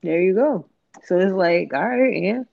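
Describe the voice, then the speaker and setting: A woman's voice: on the low side, expressive, normal speed, creaky. A woman in casual podcast chat, talking candidly and profanely, rambling with lots of slang and filler words. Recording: muffled lo-fi recording.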